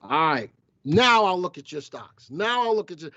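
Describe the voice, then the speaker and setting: A man's voice: high-pitched, big pitch swings, moderate pace, sharp tone, dull audio. A man hosting a casual live stock-market show, teasing his viewers and crew as he talks. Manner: playful, teasing banter with chat. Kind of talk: casual live-stream commentary.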